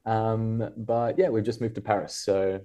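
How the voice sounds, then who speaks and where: Rambling Australian man, low mellow voice. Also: little pitch movement, unhurried, soft background music. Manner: rambling, thoughtful, many fillers and restarts. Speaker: guest writer. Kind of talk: casual podcast interview.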